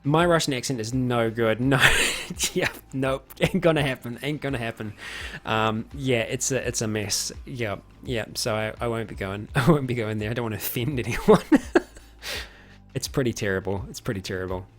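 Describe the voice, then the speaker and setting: A man's voice: mid-range voice, moderate pace. A man chatting casually on a live stream, answering viewer questions with lots of fillers, restarts and chuckles. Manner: rambling, many fillers and restarts, chuckles often.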